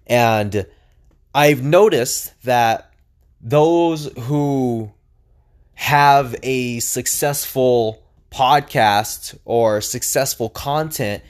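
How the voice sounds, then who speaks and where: A young man talking alone on his podcast in a casual, energetic and chatty way, with lots of fillers and restarts. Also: medium pitch. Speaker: podcast host. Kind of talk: casual solo podcast monologue.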